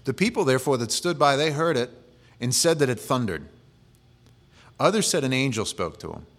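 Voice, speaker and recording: A man's voice: mid-range voice, expressive, normal speed, a bit bright. A male pastor preaching a sermon in a conversational way, with humorous asides.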